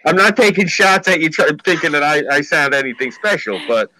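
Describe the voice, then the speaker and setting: A man's voice: on the high side, animated, fairly quick, sharp tone, slight background noise, low-quality recording. A man hosting a live stream, chatting casually and telling rambling, profane stories.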